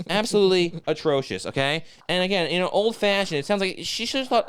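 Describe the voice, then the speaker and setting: A man's voice: high voice, lively intonation, normal speed, a bit bright, smooth. A man co-hosting a comedy podcast, ranting profanely and sarcastically, piling up rhetorical questions. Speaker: podcast co-host.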